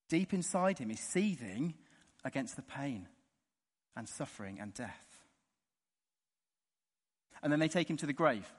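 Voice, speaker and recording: A man preaching a sermon in an earnest way, dropping soft and slow on the key words. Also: mid-range voice. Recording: long reverb of a large hall.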